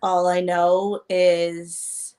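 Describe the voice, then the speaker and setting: A woman, a guest in a podcast interview, recalling her past haltingly with hesitations. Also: on the low side, little pitch movement, dark tone. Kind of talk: casual interview chat.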